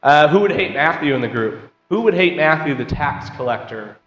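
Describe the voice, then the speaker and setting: A man's voice: fairly high pitch, expressive, normal speed, fairly bright tone, dull audio. A man leading a church Bible class, chatting with the class, asking questions and reading scripture aloud. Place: church auditorium. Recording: roomy hall with long reverb.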